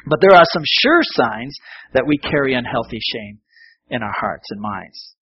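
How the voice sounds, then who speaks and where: Husky-voiced male pastor, conversational sermon. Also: mid-range voice, big pitch swings, measured pace, muffled recording. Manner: conversational, self-deprecating, with fillers and asides.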